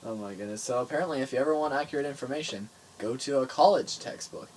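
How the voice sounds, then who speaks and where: A young man co-hosting a podcast in casual chat, joking around with sarcastic asides and loud bursts. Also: mid-range voice, fast talker. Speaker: podcast co-host.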